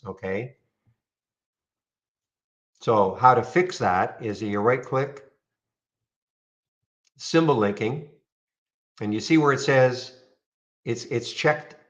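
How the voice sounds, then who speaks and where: A man casually walking viewers through trading software on a screen share, rambling and checking in with "okay?". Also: medium pitch, lo-fi sound. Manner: rambling, frequent restarts and "okay?" check-ins.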